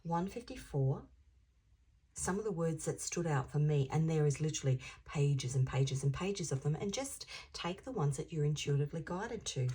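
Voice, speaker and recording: A woman's voice: deep voice, expressive, normal speed, mellow, slightly rough. A woman reading tarot to camera in a chatty, rambling way, dropping into whispers to stress a point. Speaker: intuitive tarot reader.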